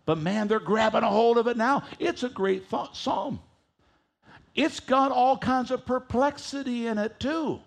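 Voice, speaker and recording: High-pitched, gravelly male preacher. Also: unhurried. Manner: animated, reads scripture aloud and leads the congregation in reading. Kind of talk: sermon.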